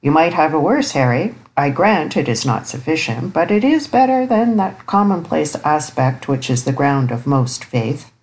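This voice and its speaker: Brief: woman voicing a low, grave old bachelor uncle, dry and ironic, storybook reading. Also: big pitch swings, normal speed, hardly any pauses, darkish tone, low-quality recording. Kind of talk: audiobook character reading.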